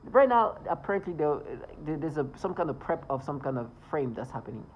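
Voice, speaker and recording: A man's voice: on the high side, sing-song, brisk, lo-fi sound, a little hiss or hum. A man ranting indignantly in a vlog monologue, swearing as he talks. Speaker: vlogger.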